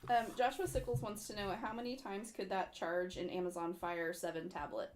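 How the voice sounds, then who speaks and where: A woman's voice: medium pitch, fairly even intonation, fairly quick, a little hiss or hum. A woman co-hosting a casual live stream, reading out viewer questions in a playful, teasing way.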